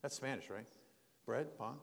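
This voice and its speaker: A man's voice: medium pitch, moderate pace, vocal fry, long reverb tail. An older man preaching a sermon in a folksy, rambling storytelling way, with restarts and asides. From United States.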